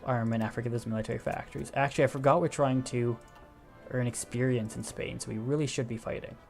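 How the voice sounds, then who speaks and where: Gravelly young man narrating a strategy game. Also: mid-range voice, steady tone, fast talker, darkish tone, soft background music. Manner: thinking aloud, explaining as he clicks, self-correcting. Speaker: gaming video host. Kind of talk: casual strategy game commentary.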